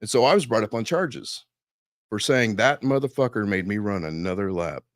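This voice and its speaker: A man telling a casual story as a podcast guest, swearing freely and animated. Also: on the low side, normal speed, no echo, clean studio sound.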